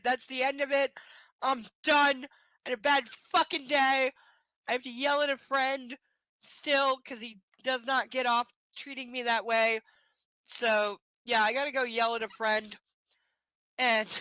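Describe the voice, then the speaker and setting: A tired woman reading a novel aloud on a live stream, breaking off to chat bluntly and sardonically, with plenty of swearing. Her voice is high and bright, recorded close and dry. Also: no room sound. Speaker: live stream book reader.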